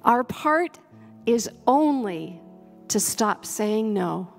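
Woman pastor preaching real slow, kinda high voice, big church echo. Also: expressive, creaky. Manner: slow, earnest, leads a congregation in prayer. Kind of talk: sermon. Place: church sanctuary. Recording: long hall reverb, soft music behind.

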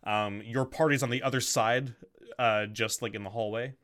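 A man's voice: medium pitch, steady tone, moderate pace, a bit bright. A man narrating as game master of a tabletop game, hesitant, with many ums and restarts.

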